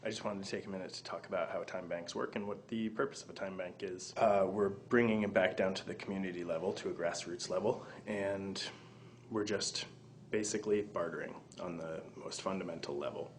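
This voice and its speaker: A very deep-voiced man lays out his explanation earnestly and steadily, like an organizer talking to a camera. A faint low rumble sits underneath his voice. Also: steady tone, fairly quick. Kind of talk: explanatory interview comment.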